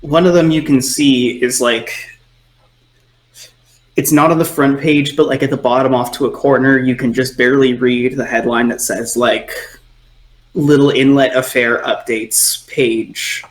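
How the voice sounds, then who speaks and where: A man's voice: mid-range voice, steady tone, normal speed, reverberant. A man narrating a tabletop game as game master, in a loose, filler-heavy way.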